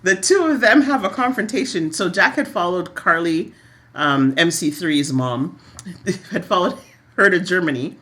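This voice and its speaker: A middle-aged woman co-hosting a casual soap recap chat, animated and laughing often. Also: measured pace. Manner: animated, laughs often, rises high when amused. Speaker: podcast co-host.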